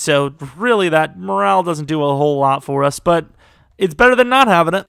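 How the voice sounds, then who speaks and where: A man's voice: fairly high pitch, a bit bright, clean tone, dry recording, studio quality. A young man giving casual, joking commentary while playing a football management game. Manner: chatty, joking, quick reactions. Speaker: gaming commentator.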